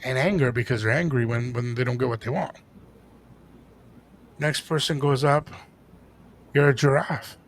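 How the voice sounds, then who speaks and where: A man co-hosting a podcast, telling a story in a casual chat and acting out the dialogue with lively energy. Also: medium pitch, normal speed, pauses often. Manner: animated, acts out quoted dialogue. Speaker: podcast co-host.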